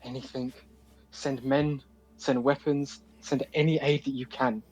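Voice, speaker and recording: A man's voice: medium pitch, little pitch movement, measured pace, a little mellow, breathy edge, low-quality recording. A man playing a desperate, pleading paladin. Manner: pleading, urgent.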